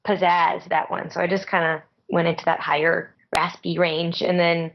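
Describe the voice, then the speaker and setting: A woman with a naturally raspy voice, a voice actress chatting as an interview guest, casual and full of "like" fillers. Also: lowish voice, level tone, moderate pace, lo-fi sound. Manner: chatty, lots of "like" fillers, laughs often.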